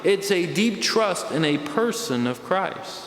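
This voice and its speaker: Emphatic priest preaching in echoey church. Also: male voice, lively intonation, a bit bright. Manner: emphatic preaching, slowing and dropping low on key words. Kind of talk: sermon. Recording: echoey church hall from a distance.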